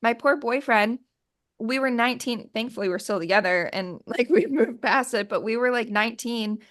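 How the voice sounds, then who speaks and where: A woman's voice: a little high, normal speed, a bit bright. A woman in her twenties, a podcast guest, candidly telling a personal story in casual chat, full of "like".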